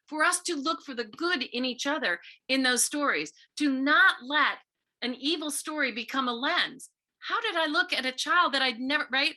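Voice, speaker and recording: Middle-aged woman, author visiting a school, high bright voice, earnest storytelling talk to kids. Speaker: visiting author speaking to students.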